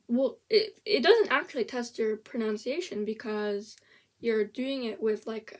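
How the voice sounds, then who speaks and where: A young woman ranting in casual commentary about a language app, blunt and sarcastic, swearing freely and often restarting her sentences. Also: a little high. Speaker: vlogger reviewing a language app.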